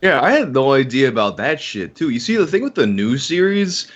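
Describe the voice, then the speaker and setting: A man's voice: mid-range voice, very animated, brisk, muffled recording. A man guesting on a podcast, rambling casually and swearing offhandedly. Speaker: podcast guest, online video maker.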